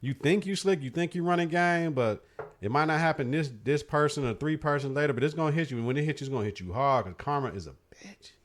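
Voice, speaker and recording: A man's voice: on the high side, quick pace. Blunt, profane podcast host man. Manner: blunt, profane, animated opinions. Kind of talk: casual chat.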